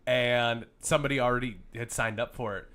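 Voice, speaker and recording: A man co-hosting a podcast, telling an anecdote in a relaxed, hesitant way. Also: mid-range voice, brisk. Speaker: podcast co-host. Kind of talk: casual chat.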